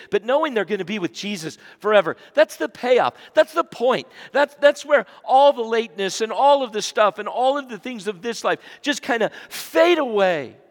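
Male pastor delivering a dramatic sermon with sharp dynamic swings, in a church with long reverb. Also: high-pitched. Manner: dramatic swings from loud emphasis to hushed whispers. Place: church sanctuary.

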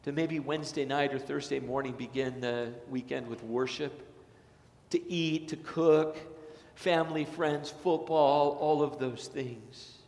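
A man's voice: medium pitch, fairly even intonation, measured pace, a little mellow. A middle-aged male pastor preaching a sermon in a church, earnest and building to emphatic declarations. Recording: echoey church hall.

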